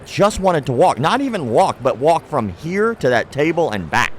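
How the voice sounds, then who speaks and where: A young man with a fairly high voice, a martial arts content creator, guests on a show and tells stories at a normal speed in a casual interview outdoors at a trade show. He's animated, acting out the people he quotes and swearing freely. There's a little hiss or hum.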